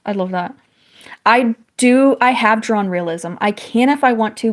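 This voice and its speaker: A woman's voice: fairly high pitch, a little slow. A woman in her thirties from the northern United States, chatting casually with viewers while she draws, rambling and restarting often. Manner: rambling, reads chat aloud, frequent restarts. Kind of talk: casual live-stream chat.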